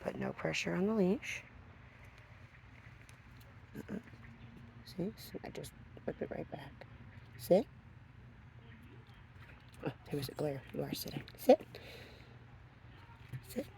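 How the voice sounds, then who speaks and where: A woman with a low, deep-set voice works as a dog trainer in a hands-on demonstration. She explains steadily and cuts in with short, firm commands to the dog. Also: expressive, slow, vocal fry, pauses often, dark tone, a little hiss or hum.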